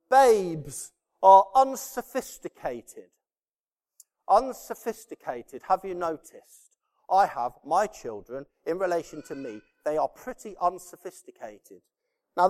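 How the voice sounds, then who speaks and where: A man with a high voice preaches a sermon in a large hall that leaves a long reverb. He drives points home by repeating key words. He swings between loud, rising declarations and quiet, hushed asides.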